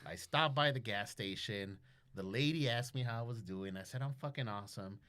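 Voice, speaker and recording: A man chatting as a podcast guest, telling animated stories full of profanity and acting out everyday conversations. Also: lowish voice, normal speed. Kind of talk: casual chat, storytelling.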